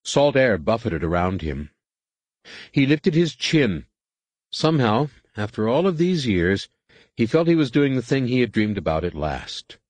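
A man narrating a science-fiction audiobook in a measured, steady reading. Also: medium pitch, no echo. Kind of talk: scripted narration.

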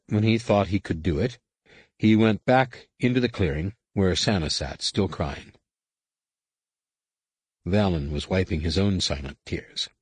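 A man reading a science fiction novel aloud as narrator, in a measured, even way. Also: deep voice, slightly rough, no echo. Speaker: audiobook narrator. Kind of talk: scripted narration.

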